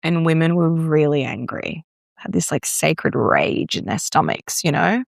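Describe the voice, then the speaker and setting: A woman's voice: low voice, lively intonation, measured pace, vocal fry, no echo, clean studio sound. A young Australian woman, a breathwork guest, telling stories in casual chat full of "like" fillers. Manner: chatty, storytelling, many "like" fillers.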